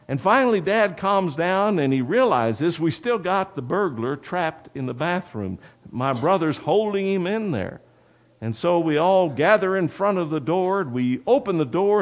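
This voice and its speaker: A male pastor delivers a sermon in a lively, swooping voice that sits a little high for a man. He speaks slowly and leans in toward his listeners with a folksy, direct manner, drawing out an anecdote. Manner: folksy, addresses the congregation directly. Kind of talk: sermon with storytelling.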